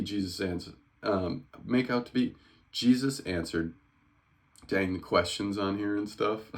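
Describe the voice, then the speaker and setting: A man with a deep, low voice reads scripture casually. He stops for relaxed, joking asides and laughs off his slips. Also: a little slow, pauses often. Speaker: reader.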